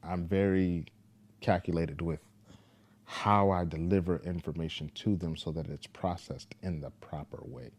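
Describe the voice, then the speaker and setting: Deep-voiced laid-back man telling a story. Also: fairly even intonation, a little slow, darkish tone. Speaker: father telling a parenting story. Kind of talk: casual storytelling monologue.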